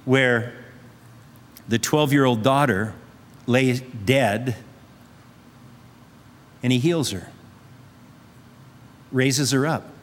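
A man preaches a sermon in an earnest, repetitive style, urging listeners with rhetorical questions. His medium-pitched voice is a bit bright, and the long reverb of a large hall fills the recording.

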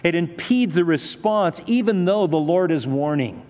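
Pastor, male, slightly high voice, relaxed explanatory preaching, long hall reverb. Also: a little slow. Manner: conversational, with rhetorical questions. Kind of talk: expository sermon.

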